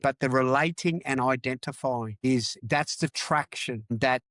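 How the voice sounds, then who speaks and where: Middle-aged man from Australia, candid and emphatic podcast guest, mid-pitched, dry recording. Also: a little slow, fairly bright tone, dry recording. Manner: emphatic, repeats phrases, swears. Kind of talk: candid interview talk.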